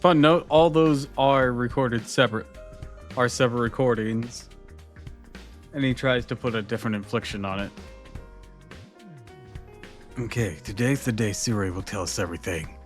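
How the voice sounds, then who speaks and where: A man's voice: medium pitch, normal speed, long pauses. A male streamer reading a game's dialogue and narration aloud, with casual asides. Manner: reads dialogue with light asides. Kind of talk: reading game text aloud. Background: game music.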